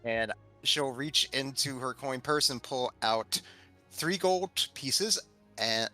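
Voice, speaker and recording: A man playing a tabletop game with quick, dry narration. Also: mid-range voice, expressive, sharp tone, soft background music. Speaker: player.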